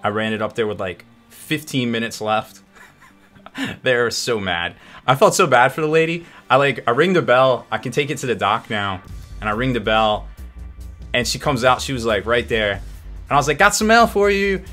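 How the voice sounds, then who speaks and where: A man's voice: medium pitch, moderate pace, a bit bright, faint music behind. A man hosting a hobby painting show in casual live-stream chat, upbeat and rambling, laughing often.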